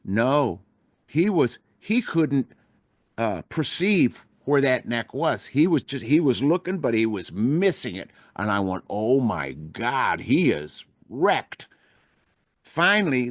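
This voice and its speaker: An older rock musician telling a long backstage story in a relaxed, rambling way, with plenty of swearing. He jumps into higher or lower voices when quoting others. His voice sits in a middle pitch and is recorded close and dry, with no room sound. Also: slow pace, dry recording. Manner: rambling anecdotal, salty language, acts out quoted voices. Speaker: podcast guest, rock musician. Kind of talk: casual storytelling.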